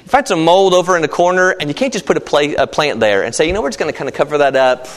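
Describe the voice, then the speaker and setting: Animated male preacher with a raised voice. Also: racing. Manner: animated preaching, rising to emphatic peaks and dropping low; acts out everyday voices in asides. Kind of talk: sermon.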